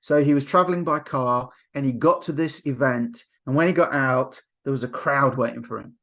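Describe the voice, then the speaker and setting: A man giving a motivational coaching talk, telling stories with lively acted-out quotes. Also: mid-range voice, moderate pace, vocal fry. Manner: animated storyteller, acts out quotes. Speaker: NLP coach.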